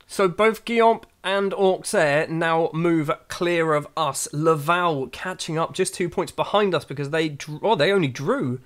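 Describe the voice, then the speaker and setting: A man commentates on his football management game in a casual, running style. His voice sits a little higher than most men's, and it jumps up sharply whenever a shot goes wrong. Between calls he drops into self-mocking asides. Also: unhurried, hardly any pauses. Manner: excitable, frustrated outbursts, self-mocking asides. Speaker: gaming YouTuber.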